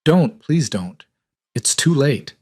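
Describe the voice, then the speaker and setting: A man's voice: mid-range voice, sing-song, slow, darkish tone, voice pushed up. A man voicing a protective young woman, upset with her best friend, pleading and accusing in a lifted voice.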